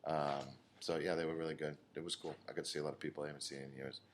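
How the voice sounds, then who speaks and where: A man from Massachusetts co-hosting a podcast from a bar's back room, laid-back and quick with casual swearing. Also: rumbling low, little pitch movement, slight background noise. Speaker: podcast co-host. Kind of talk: casual chat.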